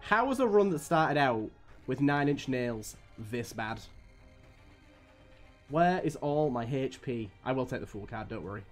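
A man's voice: medium pitch, animated, measured pace, faint music behind. A young man streaming a game live, grumbling and swearing at it as he plays. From United Kingdom. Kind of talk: live gameplay commentary.

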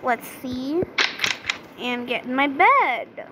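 A woman giving casual gameplay commentary, chatty and excitable, reading game dialogue aloud. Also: sits high, normal speed. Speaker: gaming video creator. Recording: noticeable background noise.

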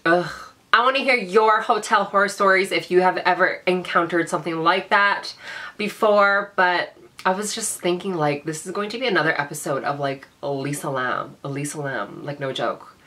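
A young woman tells a story to her camera in a casual, dramatic vlog style, peppered with fillers. Her voice sits a little low but sounds bright and crisp. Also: moderate pace. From Vancouver, Canada. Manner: chatty, dramatic, heavy use of "like". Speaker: beauty vlogger.

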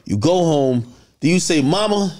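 A man's voice: medium pitch, animated, fast talker, a little mellow. A man hosts an interview in an ordinary mid-range voice. He keeps asking the guest blunt, curious questions. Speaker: host.

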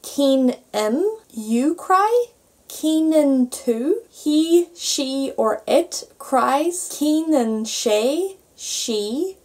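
Young woman, Irish accent, slightly high voice, slow careful lesson delivery. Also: animated, a little mellow. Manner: patient, spells out endings letter by letter. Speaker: Irish language teacher. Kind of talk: online grammar lesson.

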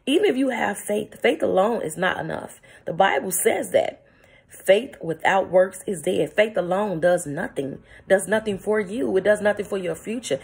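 A woman preaches a motivational morning talk into her phone. Her voice is gravelly with a husky edge, and she hammers her points home emphatically, breaking into laughter between lines. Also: medium pitch, lively intonation, normal speed, a little mellow. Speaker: vlogger. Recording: phone-recorded vlog.

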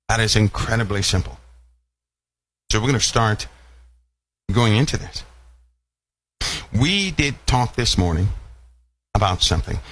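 A man's voice: lowish voice, fairly bright tone. A man preaching a sermon, asking his listeners rhetorical questions and repeating phrases for emphasis.

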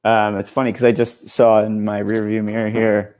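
Very deep-voiced man rambling. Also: level tone, moderate pace, darkish tone. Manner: rambling, swears freely, many fillers. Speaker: guest. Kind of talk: casual chat. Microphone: video call.

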